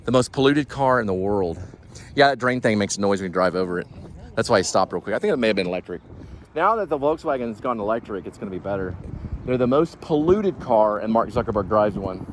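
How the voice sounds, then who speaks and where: Low-voiced man musing in a car. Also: lively intonation, fast, a little hiss or hum. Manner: rambling, musing aloud, trailing off. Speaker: vlog host. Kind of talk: casual chat.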